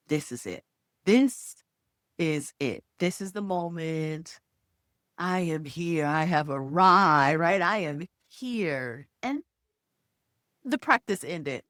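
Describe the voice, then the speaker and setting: A middle-aged woman tells a personal story straight to camera in a lower voice that swings widely in pitch. She acts out the sounds and voices as she goes. The recording is close and dry, with no room echo. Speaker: video host and former HR executive.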